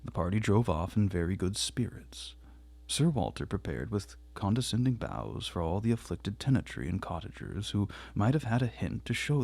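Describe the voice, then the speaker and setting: A man reads a classic novel aloud at a measured, quiet pace. His voice sits low, with a gravelly fry and a husky, breathy texture. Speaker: audiobook reader.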